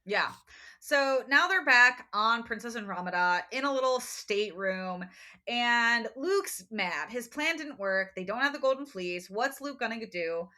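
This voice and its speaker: A woman co-hosting a podcast, recapping a book in casual chat and acting out quick quotes from the characters. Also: fairly high pitch. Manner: animated storytelling with quick voiced quotes and laughs. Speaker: podcast co-host.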